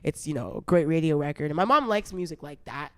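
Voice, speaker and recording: A woman's voice: low voice, fast talker, no echo. Playful young woman musician, chatty. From Canada. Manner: playful, animated, laughs often. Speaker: interview guest, musician. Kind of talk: casual interview chat.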